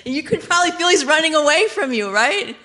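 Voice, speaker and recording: Woman preacher, lively sermon delivery, a touch high-pitched, plays out quoted lines. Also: quick pace. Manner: animated, acts out quoted voices with laughs.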